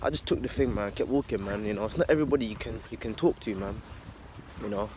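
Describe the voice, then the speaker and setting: A man's voice: lowish voice, fast talker, background noise. A man talking casually about faith in a loose, slangy monologue, swearing and ending lines with "man.". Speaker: religious vlogger.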